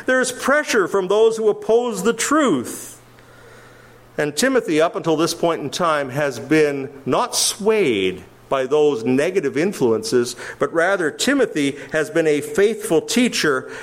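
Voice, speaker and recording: A man preaching an expository sermon to a church congregation, stressing key words with emphasis and putting questions to his listeners. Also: fairly high pitch. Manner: emphatic, explains the original wording, asks the congregation questions. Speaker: pastor.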